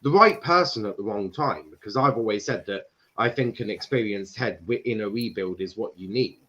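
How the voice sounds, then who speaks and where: A man's voice: fairly low pitch, a bit bright. Irish man hosting, dull lo-fi sound. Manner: laughs often, quick restarts. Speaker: podcast host reading chat. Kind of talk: casual football chat.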